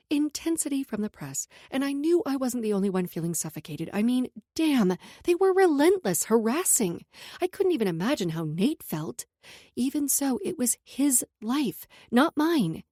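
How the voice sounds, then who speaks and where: A woman narrating a first-person romance audiobook in an expressive manner, read close to a studio mic. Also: fairly high pitch, moderate pace, no echo.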